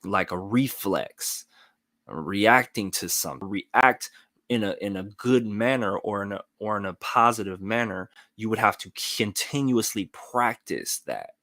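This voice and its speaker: A man's voice: fairly low pitch, animated, a little slow, sharp tone, no room sound, clean studio sound. A man hosting a live motivational talk, explaining earnestly and often checking in with "right?". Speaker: motivational show host.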